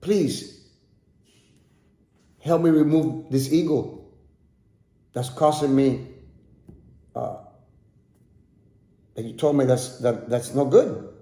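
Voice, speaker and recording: A man's voice: medium pitch, takes it slowly, pauses often, dark tone, natural voice. A man voicing a proud, powerful emperor who demands answers, in an echoey room. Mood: troubled. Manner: pleading then indignant questions. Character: proud powerful male emperor seeking praise.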